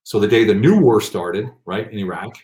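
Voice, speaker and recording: A middle-aged man with a low voice tells his story in a loose, animated way, slipping into other people's voices. He is recorded at home, and the room gives his voice a noticeable echo. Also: normal speed. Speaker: guest telling his story. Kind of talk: casual storytelling. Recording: echoey room.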